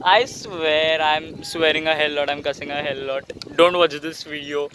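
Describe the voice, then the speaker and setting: A young man with an Indian English accent, vlogging outdoors while riding a bicycle through flooded streets, excitable and swearing a lot. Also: fairly high pitch, normal speed. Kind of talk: casual vlog commentary.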